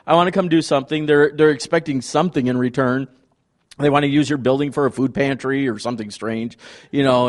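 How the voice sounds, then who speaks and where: A middle-aged man speaking as a visiting ministry leader at a church, telling stories in an excited, rambling way. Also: mid-range voice. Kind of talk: testimony talk to a congregation.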